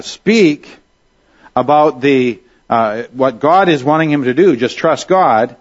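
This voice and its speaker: Man teaching scripture on a dull recording. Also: a little high. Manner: explanatory, checks in with "all right?". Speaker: Bible teacher. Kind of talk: classroom Bible teaching.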